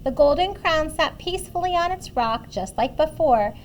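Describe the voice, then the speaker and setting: A woman's voice: high-pitched, normal speed, a little hiss or hum. A woman reading a picture book aloud to children, asking them questions about the pictures as she goes. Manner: animated, asks listeners questions about the pictures. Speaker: children's story reader.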